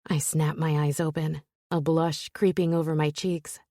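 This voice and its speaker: A woman narrating a romance audiobook in the first person, with a soft, intimate and breathy delivery. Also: low voice, level tone, normal speed, no room sound, clean studio sound.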